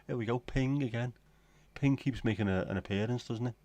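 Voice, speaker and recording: A man's voice: mid-range voice, a little fast, a little mellow. A middle-aged British man hosting a casual late-night livestream, rambling wryly and chatting to his viewers from home. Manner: rambling, wry, talks to himself. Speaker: livestream host.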